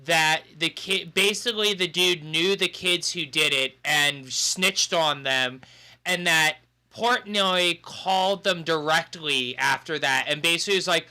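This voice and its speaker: Bright-voiced male co-host. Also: fairly high pitch, unhurried. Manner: summarizing, conversational. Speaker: podcast co-host. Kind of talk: casual podcast chat.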